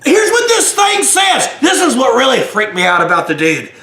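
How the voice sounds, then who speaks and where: A man telling a comic story as a retired state trooper, shouting loud, profane rants. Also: extremely high pitch, wildly swooping pitch, moderate pace. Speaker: comedic hot sauce reviewer playing a retired state trooper. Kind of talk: comedic storytelling. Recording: roomy echo.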